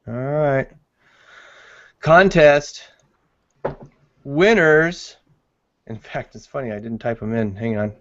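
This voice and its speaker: A man's voice: medium pitch, dull audio. A man co-hosting a live webinar in casual chat, laughing often and reading the chat aloud. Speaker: webinar co-host.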